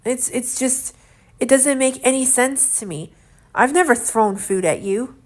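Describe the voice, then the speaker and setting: A woman's voice: high voice, unhurried. A young woman vlogging at home in casual chat, earnest and indignant, rambling with lots of fillers as she talks.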